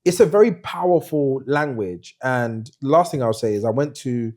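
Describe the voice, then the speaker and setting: A man's voice: medium pitch, moderate pace. A middle-aged man, a podcast host telling a story in casual chat and putting on voices when he quotes people. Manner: animated storyteller who puts on voices when quoting people.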